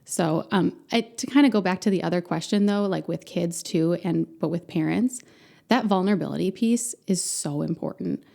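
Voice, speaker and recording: Earnest woman with a gravelly voice. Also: fairly low pitch, moderate pace, mellow. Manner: earnest, candid. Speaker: podcast guest, center founder. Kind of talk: conversational interview.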